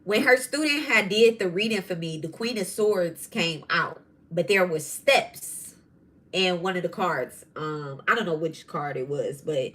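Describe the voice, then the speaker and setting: A woman hosting a spiritual podcast who tells stories in a casual, animated way, swearing freely. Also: on the low side, unhurried. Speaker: podcast host and tarot reader. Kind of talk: casual storytelling monologue.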